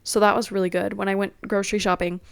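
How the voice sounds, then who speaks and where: A woman's voice: medium pitch, little pitch movement, quick pace, vocal fry, a bit bright, clean tone, no room sound, studio quality. A young woman rambling in a casual, self-deprecating solo chat at home. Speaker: podcast host.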